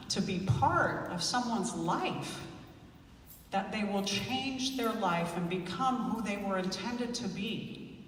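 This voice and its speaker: A woman's voice: mid-range voice, a little hiss or hum. A woman therapist giving a heartfelt, emotional conference talk, laughing and weeping openly as she speaks. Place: large conference hall. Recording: echoey hall, voice from far off.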